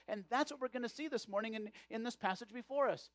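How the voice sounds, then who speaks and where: A man's voice: very high voice, animated, brisk, few pauses, dry recording. A male pastor preaching a sermon, often repeating words as he restarts his phrases.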